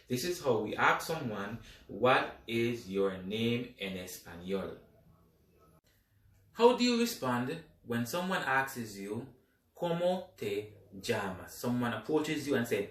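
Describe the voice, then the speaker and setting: Man, language teacher, very slow speech, patient drilling of phrases, roomy echo, mic at a distance. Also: mid-range voice, sing-song. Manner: slow, deliberate, repeats phrases for practice. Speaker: Spanish teacher. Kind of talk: slow lesson narration. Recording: echoey room, voice a bit far from the mic.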